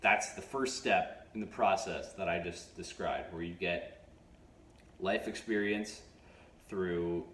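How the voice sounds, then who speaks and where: Deep-voiced man giving halting advice. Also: fairly bright tone. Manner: halting, frequent restarts and stutters; unhurried, measured pauses. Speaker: self-improvement channel host. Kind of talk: advice monologue to camera. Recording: echoey room with faint noise.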